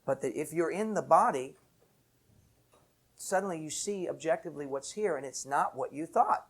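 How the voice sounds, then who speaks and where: A man's voice: a little high, moderate pace. A man, an enneagram teacher, telling a reflective story with bursts of laughter. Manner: animated anecdote with laughter.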